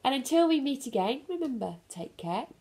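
A woman hosting a children's storytime, reading a picture book aloud in a gentle, sing-song way with soft laughs. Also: high-pitched, very animated, fairly quick.

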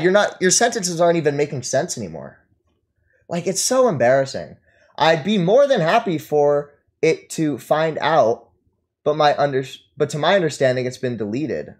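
A man ranting at his live stream chat, mocking and taunting his target and laughing at them. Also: a little high. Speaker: streamer reading and answering chat.

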